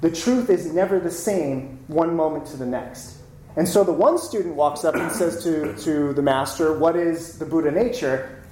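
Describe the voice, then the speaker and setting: A lecturer giving a casual talk, telling stories in an animated way and often tossing in "right?" to the listeners. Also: medium pitch, normal speed. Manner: animated storytelling, frequent "right?" asides. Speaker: lecturer on Buddhism. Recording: roomy room with faint noise.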